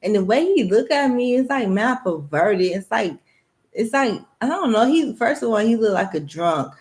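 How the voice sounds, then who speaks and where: A woman's voice: fairly high pitch, lively intonation, normal speed, darkish tone. A young adult woman giving a candid personal monologue to camera, blunt and rambling, with heavy swearing. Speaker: vlogger.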